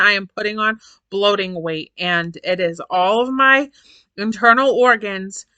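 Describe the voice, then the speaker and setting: Bright-voiced chatty woman in her forties. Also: medium pitch, measured pace, smooth, no room sound. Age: 40s. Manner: chatty, repeats phrases for emphasis, laughs often. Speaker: vlogger. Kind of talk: casual chat to camera.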